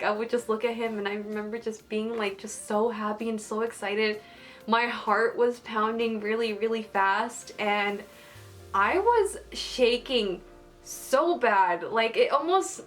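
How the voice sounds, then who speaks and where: A young adult woman vlogging casually about an exciting experience, gushing and giggling, with lots of "like" fillers. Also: mid-range voice. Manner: gushing, giggly, heavy use of "like".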